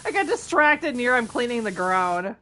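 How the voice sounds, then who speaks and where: A woman streamer plays a game while chatting casually with her viewers, giggling frequently and teasing in fun. Her fairly high voice is very animated, pushed and bright, at a normal speed, with slight background noise.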